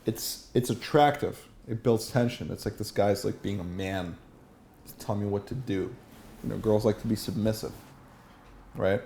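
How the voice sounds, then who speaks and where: A man's voice: lowish voice, moderate pace, creaky, mellow, slight background noise. A man teaching a seminar as a dating coach, asking the room questions and acting out example lines.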